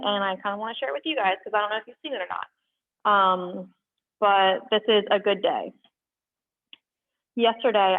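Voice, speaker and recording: Young woman reading poetry, tinny sound. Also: mid-range voice. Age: young adult. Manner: earnest, halting asides between readings. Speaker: open-mic reader. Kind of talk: open-mic poetry reading.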